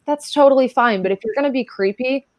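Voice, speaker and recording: A woman's voice: high voice, fast, a little mellow, no echo. Chatty woman telling stories, dry sound. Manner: chatty, many filler "like"s. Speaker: podcast guest. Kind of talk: casual storytelling chat.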